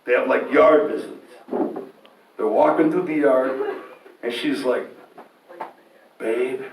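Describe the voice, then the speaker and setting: A man telling a candid, profane personal story in an animated way, getting loud and shouting at dramatic moments. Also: mid-range voice, unhurried. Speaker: storyteller guest. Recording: roomy echo, distant mic, faint noise.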